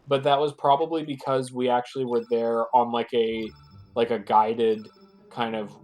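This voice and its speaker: A man's voice: medium pitch, little pitch movement, normal speed, a little mellow, soft background music. Stuffy-nosed man rambling on stream. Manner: rambling, filler-heavy, jokey. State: stuffed-up nose. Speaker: guest co-streamer. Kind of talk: casual stream chat.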